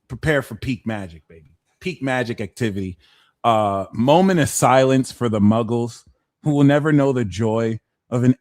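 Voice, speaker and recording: A man hosting a live tarot card reading, talking in a playful, slangy, animated way. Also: medium pitch. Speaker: tarot reader.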